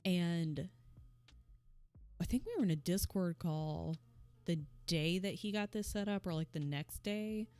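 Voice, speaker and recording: A young woman streamer chatting casually at her home setup, soft-spoken and full of "like" and little laughs. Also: fairly low pitch, measured pace, clean tone, soft background music. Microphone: desk microphone.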